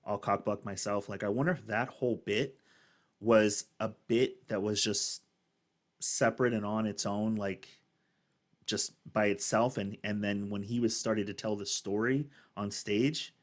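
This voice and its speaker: A man's voice: lowish voice, fairly even intonation, a little slow. A man hosting a reaction video, musing in a thoughtful, rambling way. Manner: thoughtful, rambling, many restarts. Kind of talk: casual commentary.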